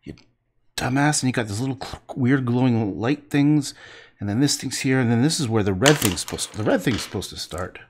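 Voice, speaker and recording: A man's voice: mid-range voice, animated, a little fast, background noise. Guy painting on a stream, mutters and swears at his own work, voice jumps all over the place. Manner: self-mocking, swearing, muttering and half-whispering to himself. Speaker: artist livestreaming a painting. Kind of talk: casual running commentary while painting.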